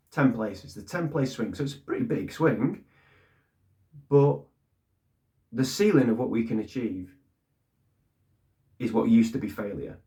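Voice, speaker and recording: A man delivers a frustrated fan monologue in a lowish voice. He is blunt and swears freely. He circles back to the same points again and again to drive them home. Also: a little mellow. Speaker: fan channel host. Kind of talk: ranting fan commentary.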